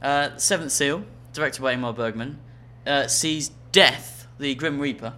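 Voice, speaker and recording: A podcast co-host with a sharp-toned, medium-pitched voice reads listener emails aloud a little slowly. His humour is dry and wry, in keeping with the casual comedic chat.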